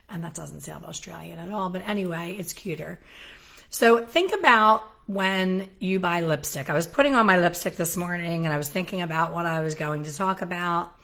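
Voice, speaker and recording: A middle-aged woman hosting a casual solo talk about hair color, chatty and self-deprecating with animated asides. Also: fairly low pitch, moderate pace. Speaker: hair colorist educator, show host. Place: home in Florida.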